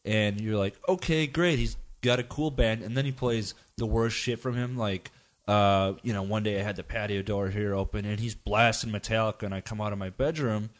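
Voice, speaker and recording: A man's voice: on the low side, flat delivery, brisk. An American man hosting a podcast, chatting loosely and jokingly and swearing casually. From United States. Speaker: podcast host.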